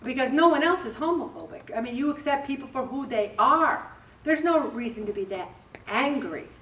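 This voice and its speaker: Speaking to a weight loss group, a woman in her seventies gives a casual motivational talk, chatty and direct, often acting out small conversations to drive points home. Her voice is high-pitched, expressive and slightly bright at a moderate pace. The recording sounds roomy and distant, with a faint hum in the background.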